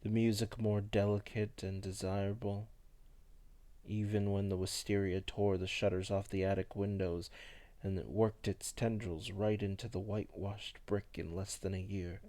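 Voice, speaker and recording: A man voicing a melancholy old vampire who recalls his past slowly and softly. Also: lowish voice, flat delivery, lightly acted. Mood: wistful. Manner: slow, soft, hushed storytelling.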